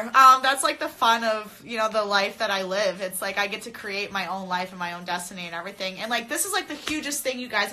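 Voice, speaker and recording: On a casual phone live stream, a young adult female mixed martial arts fighter speaks directly to her audience, laughing a lot and cursing bluntly. The phone camera captures her bright, forceful, medium-pitched voice.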